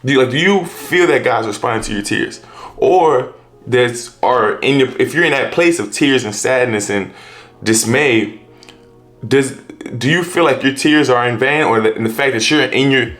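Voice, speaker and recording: A man's voice: medium pitch, moderate pace, fairly bright tone. A man preaching in a loose, conversational way, often restarting his sentences and tagging them with "right?" and "you know". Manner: restarts and rephrases often, street-casual wording. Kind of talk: casual conversational sermon.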